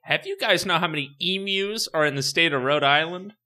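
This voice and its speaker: A man's voice: on the high side, brisk, pushed and bright. A man co-hosting a casual comedy podcast, reading out articles and joking with friends. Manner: jokey, reads headlines aloud, puts on silly accents.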